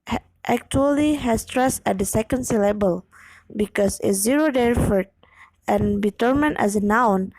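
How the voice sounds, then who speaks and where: A young woman reads a class presentation, taking her time over each phrase. Her delivery is careful and measured, with a few slips and breathy, half-whispered stretches. The recording is dry and close, with no room sound. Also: medium pitch, darkish tone, dry recording, poor audio. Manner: slow, careful reading with occasional slips and breathy unvoiced stretches. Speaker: student presenting an exam video. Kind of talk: read-aloud class presentation.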